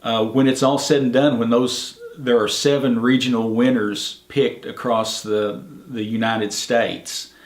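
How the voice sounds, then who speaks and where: Flat-voiced man in an echoey room. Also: mid-range voice, unhurried. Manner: plainspoken, easygoing storytelling with fillers. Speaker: park ranger. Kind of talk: oral history interview.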